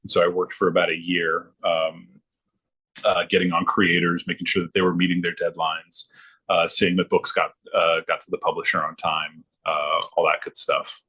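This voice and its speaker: A man as a podcast guest, telling a long casual story with many fillers and pauses. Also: low voice, level tone, sharp tone, breathy edge.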